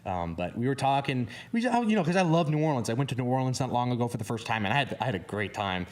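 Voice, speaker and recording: A man's voice: medium pitch, big pitch swings, fast talker. A young male musician, guest on a TV interview show, chatting casually and acting out little quoted voices. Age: young adult. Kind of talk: casual studio interview chat. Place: TV studio.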